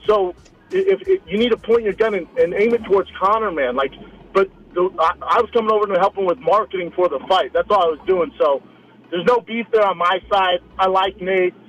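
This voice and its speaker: A man in his thirties, a guest telling a story in a casual interview, animated, repeating words and acting out what others said. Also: high-pitched, fairly quick, highs cut off, a little hiss or hum. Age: 30s. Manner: animated, repeats words, acts out quoted lines. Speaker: guest, retired fighter turned comic.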